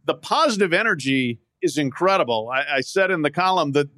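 A man's voice: on the high side, lively intonation, a little fast, sharp tone, no echo. Chatty man with a dry close sound. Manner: chatty, many restarts and fillers, laughs easily. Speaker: sports columnist guest. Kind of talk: casual sports podcast chat. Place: outdoor hotel patio.

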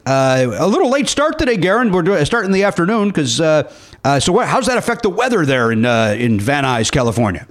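A man from the Chicago south suburbs hosts a comedy podcast with a fairly high, lively voice that swings widely. He jokes and swears with quick asides. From Chicago south suburbs, USA. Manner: jokey and profane, with quick asides. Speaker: podcast host. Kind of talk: comic casual chat.

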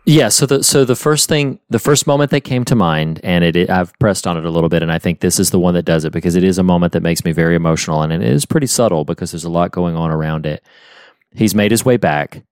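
A man's voice: sits low, fast, a little mellow, smooth, no echo, clean studio sound. A man co-hosting a podcast, talking earnestly and with feeling as he retells a film scene at length. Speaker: podcast co-host. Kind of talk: casual film discussion.

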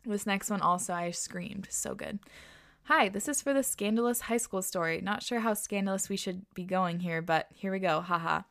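A woman's voice: mid-range voice, moderate pace, gravelly, fairly bright tone. A woman hosting a podcast, reading listener stories aloud and reacting with laughter and casual swearing.

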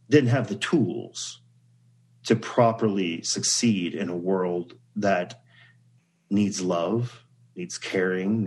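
A man talks as a guest on a podcast, his voice sitting a little low. He speaks earnestly and reflectively and slips easily into telling a story. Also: a little hiss or hum, poor audio. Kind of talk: casual conversation.

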